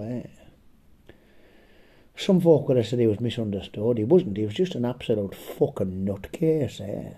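A man with a slightly hoarse, medium-pitched voice and a warm tone tells a rambling, profane comic story in a storytelling chat. He's a foul-mouthed comedic storyteller who keeps chuckling and tagging his lines with "eh?".

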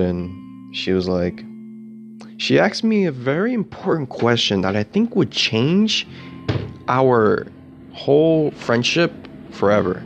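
A man's voice: medium pitch, lo-fi sound. A young man telling a personal story in a rambling, casual way, full of "like" and "dude" and the odd swear word. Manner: rambling, filler-heavy, swearing, says "dude" and "like".

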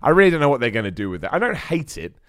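A man's voice: fairly high pitch, sing-song, racing, fairly bright tone, clean tone, dry recording, studio quality. A young man hosting a live wrestling podcast, chatting loosely and reading out viewer messages. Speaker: podcast host.

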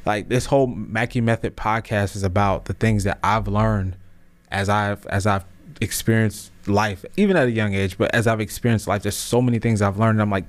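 Podcast host, man, 30s, low-pitched, casual slangy motivational talk that swells into emphatic, preachy peaks. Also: moderate pace. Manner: casual slang, many restarts.

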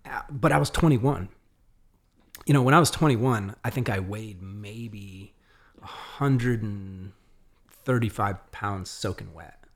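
A man with a lowish voice tells a story slowly and casually as a podcast guest. He's animated, acting out what the people in it said, and his speech is full of fillers and restarts.

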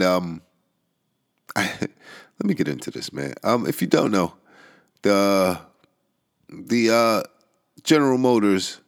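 A man with a very low voice talks through a casual commentary monologue. He sounds a little stoned and dry-mouthed. He drifts along with fillers and chuckles, then bursts out in disbelief. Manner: laid-back, laughing, many fillers, bursts of disbelief.

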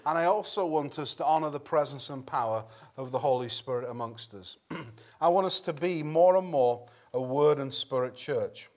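A man preaching an evening sermon in a church, earnest and conversational, clearing his throat and restarting phrases now and then. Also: medium pitch, normal speed.

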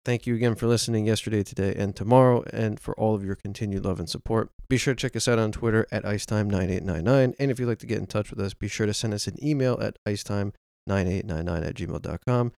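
Male podcast host, upbeat announcer read, low gravelly voice. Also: fast talker, hardly any pauses, darkish tone, no echo, clean studio sound. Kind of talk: scripted podcast intro.

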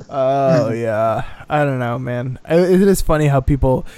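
A man's voice: medium pitch, expressive, a little slow, dark tone, clear, resonant tone, no echo. A man co-hosting a comedy podcast, talking in a laid-back, casual way.

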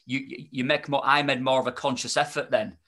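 A man's voice: medium pitch, steady tone, fairly quick, fairly bright tone. A man, chatting as a podcast guest, rambling with many restarts and fillers. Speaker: podcast guest, spoken-word performer. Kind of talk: casual podcast chat.

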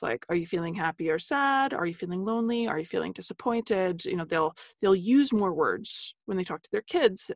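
Woman author on a podcast, kinda low voice, earnest and explainy, laughs a lot, dry close sound. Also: no echo. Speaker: author and guest. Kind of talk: podcast interview.

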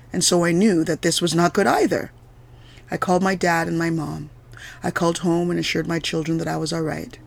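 A woman reading her own personal story aloud as a podcast narrator, in a measured, deliberate way. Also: sits low, creaky. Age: adult mother of several children. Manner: measured, deliberate, steady delivery.

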